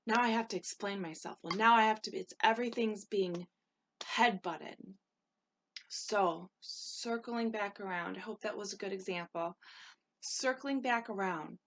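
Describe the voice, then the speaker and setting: Animated woman giving life coaching advice. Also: medium pitch. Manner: animated, acts out short quoted exchanges. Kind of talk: spoken advice talk.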